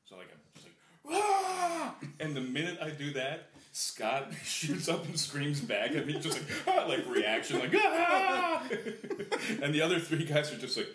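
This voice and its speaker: A man co-hosting a podcast, relaxed and low-key, trading stories and agreeing easily. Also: normal speed. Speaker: podcast co-host. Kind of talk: casual chat. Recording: roomy echo, faint noise.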